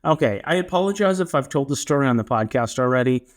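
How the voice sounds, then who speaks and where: A young man co-hosting a podcast, telling a story in a casual, animated way and acting out what people said. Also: mid-range voice, fast talker. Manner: animated storyteller, acts out quotes. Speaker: podcast co-host.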